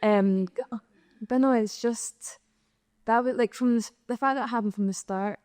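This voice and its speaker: Scottish young woman, dry mellow voice. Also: on the high side, moderate pace, no room sound. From Scotland. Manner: animated storytelling, acting out quoted exchanges. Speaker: singer and guest. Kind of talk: candid panel conversation. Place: live podcast recording in an arts venue.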